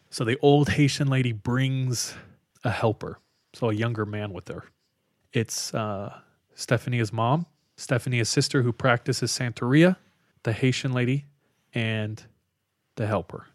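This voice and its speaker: A man in the middle pitch range telling a ghost story on a podcast. He talks casually, with fillers like "like", and drops his voice low for the eerie moments. The sound is dry and close, with no room echo. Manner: animated retelling with fillers, hushed for spooky parts.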